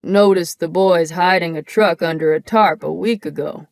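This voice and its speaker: A gruff, smoky-voiced older biker, put on by a woman reading an audiobook, slow and laconic in the way he talks. His voice sits lower than her usual one and sounds dry and close. He is kindly under the rough edge. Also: no room sound. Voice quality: gruff, smoker's voice. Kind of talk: audiobook character voice.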